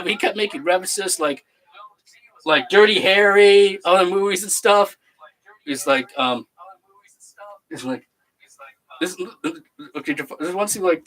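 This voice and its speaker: A channel host chatting casually, rambling through a story with acted quotes and excitable bursts. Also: medium pitch, low-quality recording. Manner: excitable, bursts into loud laughing shouts. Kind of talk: casual recap chat.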